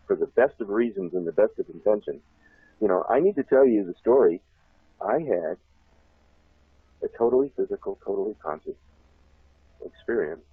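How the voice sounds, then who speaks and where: A deep-voiced man with a husky edge and a lively, swinging delivery tells a rambling story as an interview guest. He chuckles often and repeats himself as he goes. The sound is tinny and dry, like a phone call. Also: dry recording.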